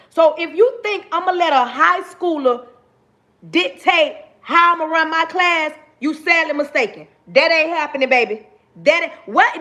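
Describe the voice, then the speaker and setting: A woman's voice: very high-pitched, bright, forceful tone. A woman teacher livestreaming, speaking emphatically and repeating herself as she talks straight to her viewers. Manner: emphatic, repetitive, direct address to viewers. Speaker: livestream host. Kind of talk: casual livestream rant.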